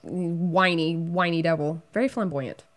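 A woman's voice: on the low side, a little slow. A woman co-hosting a horror movie show, chatting casually with dry, wry remarks. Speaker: co-host. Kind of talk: casual movie review chat.

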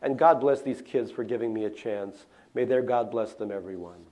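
A middle-aged man from Russia, an author, reading his memoir aloud in a lecture hall, with a wry, deadpan delivery and little spoken asides. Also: fairly low pitch, normal speed, background noise.

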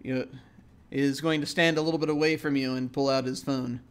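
A man's voice: mid-range voice, fairly even intonation, smooth. A man running a tabletop role-playing game, talking casually with many fillers and restarts. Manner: halting, many fillers and restarts, laughs often. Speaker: game master.

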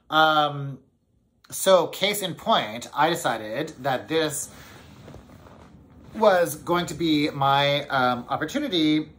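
A man hosting a knitting podcast, chatting casually to camera in an excitable, rambling way with many fillers. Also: mid-range voice, slight background noise.

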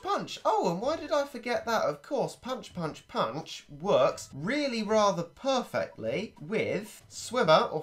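Guy doing gameplay commentary, chatty and thinking out loud, voice jumps all over the place, goofy little exclamations. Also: on the high side. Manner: animated, playful exclamations. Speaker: video game commentator.

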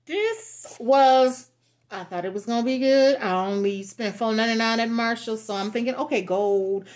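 A woman's voice: fairly high pitch, moderate pace, darkish tone. A woman vlogger chatting casually through product reviews, blunt and frank, cussing freely and laughing often. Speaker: beauty and lifestyle vlogger.

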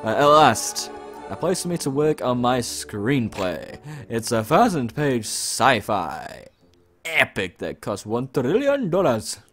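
Slow but lively and expressive, a young let's play host chats through a game with his pitch bouncing freely over soft game music. It's casual gameplay commentary, and he reads on-screen lines aloud with playful outbursts.

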